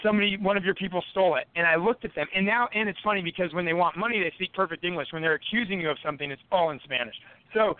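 A high-pitched man rattles off profanity-filled stories as a guest on a podcast, laughing between anecdotes. His voice comes through thin and tinny, like a phone line, with a dry sound and no room echo. He is a boxer from the United States, telling his tales in a loose, casual way. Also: racing. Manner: profane, swears constantly.

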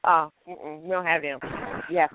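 A woman's voice: deep voice, fairly even intonation, measured pace, no echo, phone-quality sound. A woman co-hosting a radio talk show in casual chat, laughing often.

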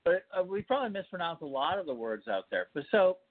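Male podcast host, rambling and halting, lively pitch, tinny phone-like sound. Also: dry recording. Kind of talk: casual interview.

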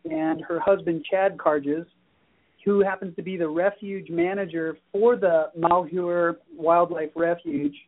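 A man, a guest on a political talk show, explaining with halting restarts. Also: fairly high pitch. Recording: tinny phone-like line.

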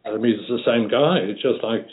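An older man from Liverpool, England, with a light local accent and a medium-pitched voice, talks a little fast but unhurriedly as an interview guest reminiscing casually. His speech has many fillers and restarts, heard over a tinny phone line.

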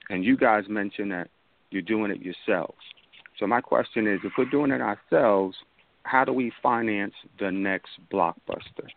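Low-voiced man moderating over a phone line. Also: moderate pace, gravelly. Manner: steers the talk, lists examples. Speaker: panel moderator. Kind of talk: moderating a panel discussion. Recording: dry, phone-like audio.

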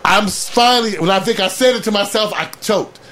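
Loud, laughing man in his fifties. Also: high voice, a little hiss or hum. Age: 50s. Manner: loud storytelling, laughs often, slow emphatic punchlines. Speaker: host. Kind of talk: casual talk show chat.

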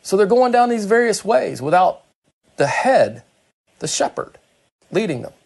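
A man delivers a sermon, working through a scripture passage and explaining it in his own words. His voice sits a little high for a man. He drags out the quoted lines slowly, then quickens and rises in pitch when he acts out the characters. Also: big pitch swings, vocal fry, a little mellow. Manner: slows right down for quoted words, speeds up and climbs in pitch when acting out Peter. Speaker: preacher. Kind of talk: sermon reading scripture with commentary.

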